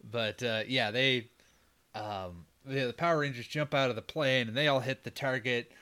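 A man's voice: mid-range voice, normal speed, pushed and bright. A man co-hosting a casual movie podcast, rambling and swearing freely as he recaps the plot. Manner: swearing, laughing, loose rambling. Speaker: podcast co-host.

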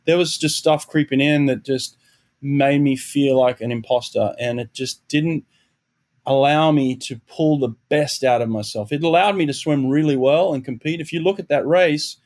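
A middle-aged Australian man, once an Olympic swimmer and later a coach, reflects on his past in an earnest conversational interview. His voice is fairly high and darkish at normal speed, and he restarts his thoughts repeatedly as he tells his story.

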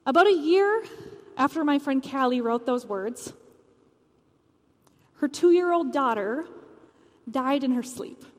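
A woman's voice: sits high, lively intonation, slow, long pauses, in a large hall. A woman preacher giving a sermon, telling a personal story earnestly.

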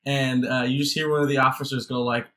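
A man's voice: medium pitch, flat delivery, fast talker, a bit bright. A man co-hosting a casual movie podcast, laughing often and swearing freely. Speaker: podcast co-host.

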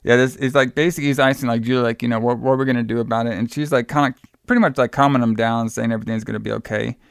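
Man co-host, casual movie recap, rambling and profane, smooth resonant voice, dry close sound. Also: medium pitch, steady tone, racing, no room sound. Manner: rambling, filler-heavy retelling with frequent swearing. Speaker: podcast co-host recapping a film. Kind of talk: casual chat.

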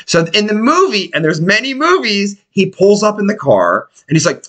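A man's voice: high voice, wildly swooping pitch, a little fast, few pauses, a bit bright. A man telling a story in casual, profane chat and acting out the people in it.

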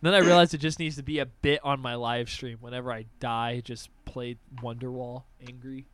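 A young adult man hosting a casual podcast chat, telling animated stories and swearing freely. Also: mid-range voice, normal speed. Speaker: podcast host.

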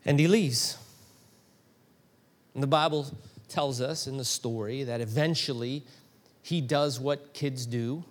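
A middle-aged man preaching a sermon, telling a story with animated emphasis that climbs to emphatic peaks. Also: medium pitch, slow, pauses often. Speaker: pastor.

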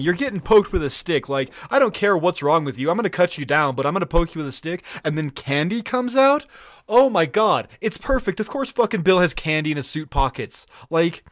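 A man co-hosting a podcast, recapping episodes in an excitable, profane, laugh-filled way. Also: sits high, normal speed, no echo, studio quality. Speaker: podcast co-host.

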